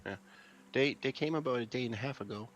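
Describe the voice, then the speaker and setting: A man speaks in character during a tabletop role-play session. His delivery is soft and hesitant, with a faint noise behind him. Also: medium pitch, quick pace, highs cut off. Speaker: player.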